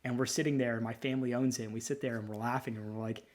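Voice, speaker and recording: A man's voice: mid-range voice, fairly even intonation, fast talker. A man in his thirties, a lawyer co-hosting a podcast, talking in a rambling, candid, sentimental way with frequent restarts. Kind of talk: casual chat.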